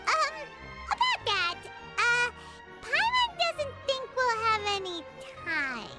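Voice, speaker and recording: A woman voicing a tiny, gluttonous, excitable female fairy companion who talks about herself in the third person. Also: extremely high pitch, slow pace, heavily acted. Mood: sheepish. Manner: speaks of herself in third person, whiny and bubbly. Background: game music.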